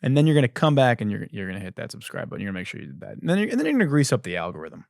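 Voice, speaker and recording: A man hosting a comedy podcast, delivering a profane, animated ranting monologue into a close studio mic. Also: mid-range voice, racing, creaky, dry recording. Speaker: podcast host.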